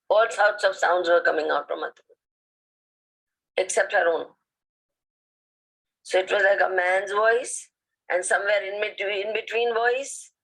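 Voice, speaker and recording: A woman's voice: mid-range voice, a bit bright, breathy edge, rough recording. A woman religious teacher giving a lecture, retelling anecdotes conversationally and often checking in with "okay?".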